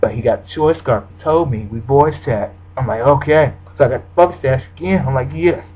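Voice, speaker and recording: Man, husky voice, casual game commentary, mid-range pitch, acts out his reactions, dull lo-fi sound. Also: a little fast. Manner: animated play-by-play, acting out his own reactions. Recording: dull lo-fi recording.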